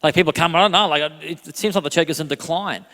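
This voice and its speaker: A man in his thirties preaching a sermon as a pastor, telling a self-deprecating story with animated delivery and frequent laughter. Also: a little high, quick pace. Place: church hall. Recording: long hall reverb.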